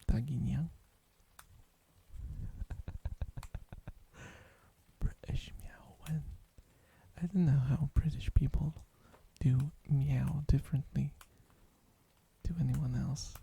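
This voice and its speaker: A slow, very breathy and gravelly whisper right up against the microphone. This streamer rambles playfully through whispered ASMR chat, dropping meows whenever chat asks for them. The tone is dark and hushed, never bright. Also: medium pitch, fairly even intonation. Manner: playful, giggly, meows on request.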